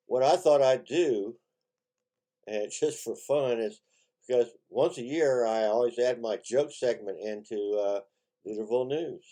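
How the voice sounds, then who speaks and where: A man's voice: mid-range voice, warm tone. A man hosting a small news show, telling corny jokes in a rambling way and chuckling at his own punchlines. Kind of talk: casual joke telling.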